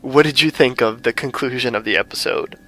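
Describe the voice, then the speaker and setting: A man's voice: medium pitch, a little fast, pushed and bright, low-quality recording. A man hosting a podcast, steering the talk by asking his co-hosts questions.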